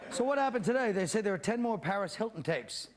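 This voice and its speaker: A man's voice: high voice, expressive, quick pace. A man hosting a comedy panel show, delivering a sardonic, mock-alarmed stand-up monologue before a live studio audience. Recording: studio audience laughter and noise.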